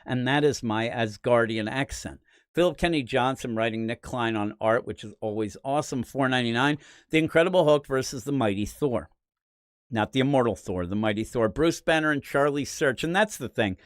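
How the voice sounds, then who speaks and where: A man's voice: medium pitch, fairly quick, dry recording, studio quality. A man from the Philadelphia area hosting a comics podcast, giving a rambling, opinionated preview of the week's comics. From Philadelphia area, USA. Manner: rambling, opinionated, animated asides. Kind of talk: casual comic book preview commentary.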